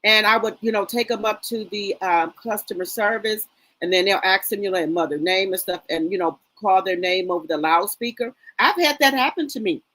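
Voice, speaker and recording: A woman's voice: mid-range voice, fairly quick, a bit bright, rough recording. Woman, middle-aged, livestream host: casual gossip chat, greets everyone by name, rambly with fillers. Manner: chatty, greets viewers by name, trails off with fillers. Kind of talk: casual live chat reading viewer comments.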